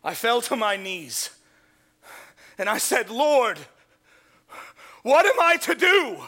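A man's voice: extremely high pitch, sing-song, slow pace, sharp tone, full character voice. An actor playing Saul, a zealous man recounting his past in a fervent, theatrical monologue. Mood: awed. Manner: fervent, theatrical storytelling with sudden swells. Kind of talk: dramatic monologue.

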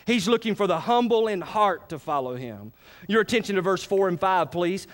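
A man preaching a sermon, animated and folksy, checking in with the congregation often. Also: high voice, normal speed. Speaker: pastor.

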